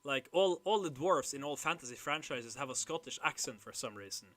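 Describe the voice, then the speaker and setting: Bright-voiced man rambling on stream. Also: medium pitch, expressive, fairly quick, no echo. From Norway. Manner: rambling, hesitant, full of fillers and laughs. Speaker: livestream host. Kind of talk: casual livestream chat.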